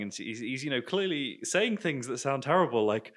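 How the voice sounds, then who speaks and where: A man lays out a theory in a casual group discussion and laughs at himself as he goes. His voice is middle-pitched. He talks in an easy, self-deprecating way. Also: animated, normal speed, few pauses, fairly bright tone. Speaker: film discussion participant.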